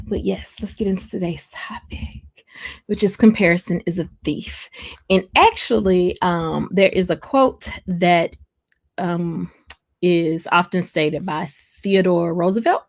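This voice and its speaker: Southern woman, young adult, livestream host; easygoing chatter to viewers, voice with a gravelly fry at the edges. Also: medium pitch. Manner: chatty, reads viewer comments aloud, laughs often. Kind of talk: casual livestream chat.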